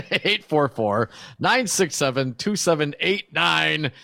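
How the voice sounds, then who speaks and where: A man's voice: fairly high pitch, expressive, slow pace, gravelly, bright, forceful tone, dry recording, clean studio sound. A man co-hosting a talk radio show, teasing his partner and taking calls. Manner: laughing, teasing. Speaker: radio co-host.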